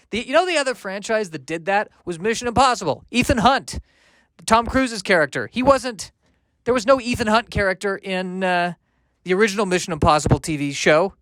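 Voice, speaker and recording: A man talks alone into a close, dry mic, hosting his own comedy podcast in a slightly high voice. He rambles and mocks himself, and breaks off into halting restarts and sardonic asides. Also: lively intonation, a bit bright, no room sound. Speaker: podcast host.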